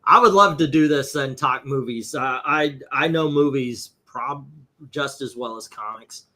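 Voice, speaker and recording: A man's voice: mid-range voice, unhurried, bright, forceful tone. A man hosting a comics channel in casual chat, rambling with lots of fillers and frequent swearing.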